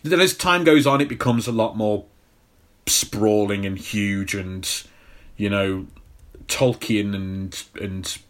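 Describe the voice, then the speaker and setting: A man's voice: on the low side, slow pace. A man co-hosting a podcast, talking casually about a film with jokes and plenty of restarts. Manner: rambling, jokey, many restarts. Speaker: podcast co-host.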